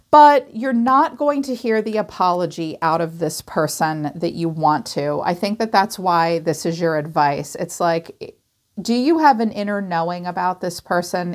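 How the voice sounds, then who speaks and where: A woman talks through a tarot reading in a casual, lively way. Her voice sits a little low for a woman. She jumps into playful quoted voices and swears offhandedly. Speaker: tarot reader.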